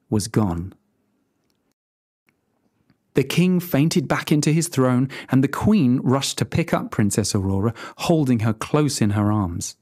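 Storybook narrator, fairy-tale reading, lively pitch, expressive, clear and paced for learners. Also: dry recording, clean studio sound.

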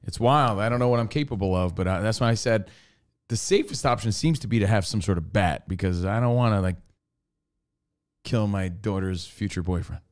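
A young man co-hosting a casual podcast, telling a story with lots of laughs and quick jumps into put-on voices. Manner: animated, jumps into high put-on voices for quotes, laughs often. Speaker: co-host.

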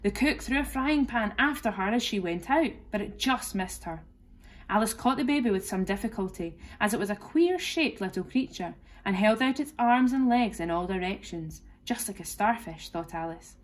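A woman, a teacher, reading a children's classic aloud clearly and expressively. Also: medium pitch, lively intonation, moderate pace. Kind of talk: storybook read-aloud.

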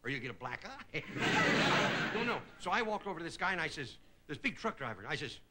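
A comedian in his fifties delivering a stand-up monologue, chuckling at his own gags and dropping into quick character voices. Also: fairly high pitch, very animated, heavy background noise. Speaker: comedian host. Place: television studio stage with live audience.

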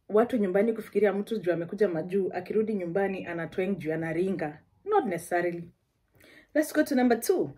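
Mellow, husky Kenyan woman vlogger. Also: mid-range voice. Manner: chatty, with frequent asides. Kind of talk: casual storytelling.

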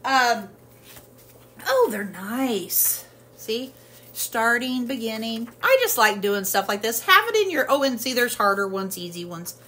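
A woman's voice: on the high side, sing-song, unhurried, bright, forceful tone. A woman chatting casually through a home haul video, rambling with lots of fillers, in her kitchen at home. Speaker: haul vlogger. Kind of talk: casual product haul chat.

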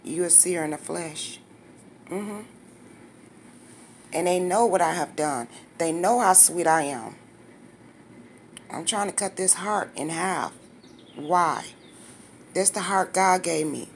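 A woman's voice: fairly low pitch, takes it slowly, pauses often, slight background noise. A woman in her fifties talking straight to her viewers in a casual vlog, blunt, candid, slangy and emotional. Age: 50s. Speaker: vlogger.

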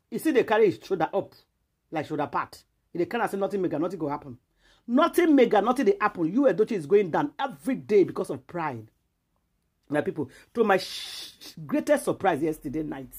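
A woman's voice: fairly low pitch, husky. A Nigerian woman giving emphatic gossip commentary as a vlogger, lecturing her viewers in a preachy, repetitive way.

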